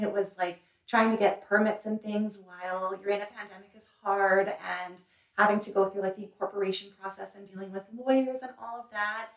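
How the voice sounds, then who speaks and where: A woman's voice: medium pitch, a bit bright. Chatty woman in an echoey room. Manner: chatty and earnest, many fillers and likes. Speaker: salon owner and hair remover. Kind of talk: interview answers. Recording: echoey room, mic a little distant.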